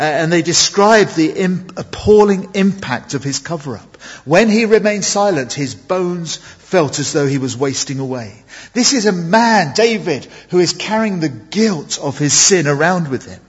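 A man preaching an evening sermon in church, earnest and emphatic, pausing and restarting as he goes. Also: on the high side, slightly rough. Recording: dull sound with long hall reverb.

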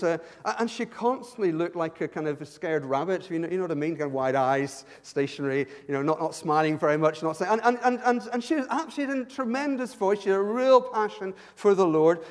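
A man's voice: high-pitched, a little mellow, long reverb tail. A man brought up in Ireland, preaching a sermon as a pastor in a conversational way, with joking asides and repeated words as he starts his sentences. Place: church hall.

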